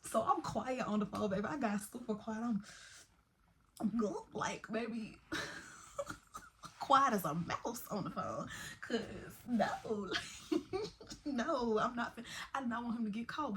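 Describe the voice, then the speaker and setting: A young woman telling a personal story in a casual, animated vlog style, full of slang and asides. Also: mid-range voice, slight background noise. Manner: chatty, animated, Southern-tinged slang like "baby" and "y'all".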